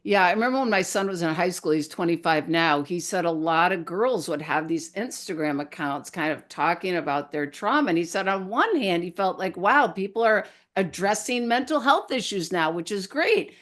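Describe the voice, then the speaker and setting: A woman's voice: on the low side, lively intonation, normal speed, few pauses. A middle-aged woman hosting an interview, asking questions and affirming often. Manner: warmly affirming, frequent "yes" and "brilliant". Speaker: podcast host. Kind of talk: interview conversation.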